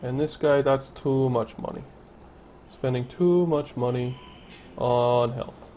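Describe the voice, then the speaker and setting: A man's voice: mid-range voice, slow, mellow, a little hiss or hum. A man casually commenting on his city-building game, thinking aloud and correcting himself as he goes. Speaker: let's play commentator.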